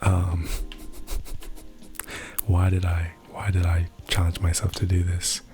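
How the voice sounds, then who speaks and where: Whispered role-play host: a soft-spoken, rambling man with a deep, dark voice over faint music. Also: completely flat delivery, takes it slowly. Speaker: ASMR creator.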